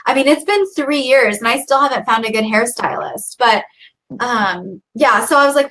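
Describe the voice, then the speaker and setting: A woman co-host tells a long story in loose, chatty conversation, sprinkling in likes and you knows. Her voice sits a little high and rings bright and forward. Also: normal speed. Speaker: podcast co-host. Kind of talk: casual chat.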